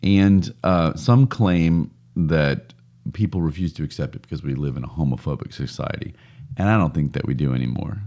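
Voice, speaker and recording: A man's voice: a bass voice, normal speed, dark tone. A man co-hosting a casual podcast, chatty and joking, often laughing at his own stories. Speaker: podcast co-host.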